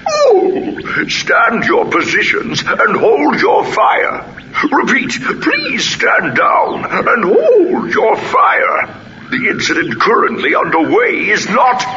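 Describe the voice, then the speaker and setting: A man voicing a male head of state pleading urgently over a comm, shouting and strained. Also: heavily acted. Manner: shouted, strained, high and drawn-out. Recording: dull lo-fi with steady noise.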